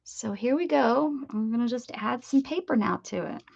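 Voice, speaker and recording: A woman's voice: on the high side, animated, normal speed, gravelly, a little mellow, slightly rough. A woman chatting casually while crafting on a live stream, greeting viewers by name and talking to her pets. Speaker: crafting livestream host. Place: home craft room. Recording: dull lo-fi stream audio.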